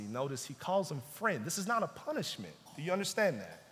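A man pastor preaching a sermon with emphasis, repeating key phrases and dropping to hushed tones. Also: fairly high pitch, wildly swooping pitch, brisk, hardly any pauses. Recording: long hall reverb.

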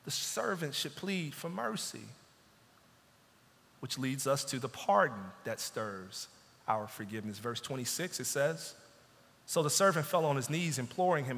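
A man's voice: medium pitch, expressive, normal speed, a bit bright. A man preaching a sermon as pastor, building in intensity and dropping into pleading asides. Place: church sanctuary. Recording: long church reverb.

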